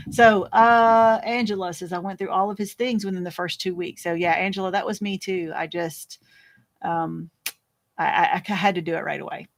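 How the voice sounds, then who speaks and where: A woman hosting a casual live chat, reading viewer comments aloud and answering them in a rambling, fast-talking way with frequent laughs. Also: mid-range voice, fairly even intonation. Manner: chatty and rambling, laughs often, many restarts; talks fast by habit. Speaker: host.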